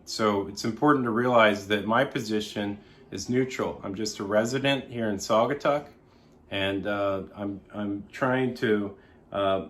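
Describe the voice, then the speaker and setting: Middle-aged man, low-voiced, rambling explainer. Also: a bit bright. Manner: rambling, pauses often to restate himself. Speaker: local resident presenting a trail plan. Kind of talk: informal spoken presentation.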